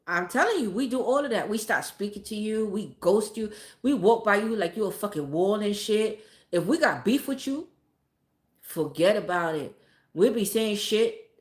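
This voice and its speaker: A woman vlogger ranting bluntly and profanely, in a casual, emphatic way. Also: medium pitch. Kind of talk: casual motivational rant. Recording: echoey room.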